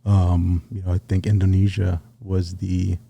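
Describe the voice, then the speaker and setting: A middle-aged man, a retired Navy SEAL sniper, telling his story in a relaxed, casual interview. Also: sits low, unhurried, gravelly, breathy edge. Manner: relaxed storyteller, acts out quoted dialogue.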